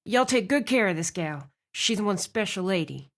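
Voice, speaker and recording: A woman's voice: medium pitch, expressive, moderate pace, natural voice. Woman voicing a folksy male police officer, middle-aged, easygoing, plain-spoken.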